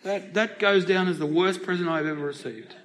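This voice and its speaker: Preaching in church, a middle-aged Australian man speaks in a high-pitched, fairly quick, slightly bright voice. He talks to the congregation in a chatty manner and asks them questions throughout.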